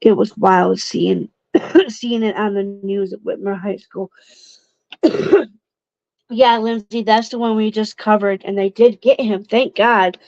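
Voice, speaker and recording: A woman's voice: mid-range voice, fairly even intonation, slow, creaky, long pauses, a little mellow, dry recording. A young adult woman from Ohio commenting casually on true crime cases for her viewers, emotional and indignant, stumbling over words. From Ohio, United States. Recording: dull lo-fi dry sound.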